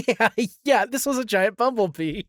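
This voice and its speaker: A man's voice: high-pitched, animated, measured pace, a bit bright, no echo. A man co-hosting a casual comedic podcast, answering with dry, wry quips. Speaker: podcast co-host.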